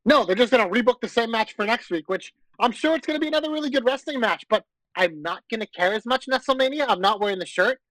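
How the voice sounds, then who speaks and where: A man's voice: very high-pitched, animated, quick pace, fairly bright tone, no echo, rough recording. A man co-hosting a casual podcast, ranting with frustration and plenty of swearing. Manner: exasperated, profane ranting. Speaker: podcast co-host. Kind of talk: casual wrestling podcast chat.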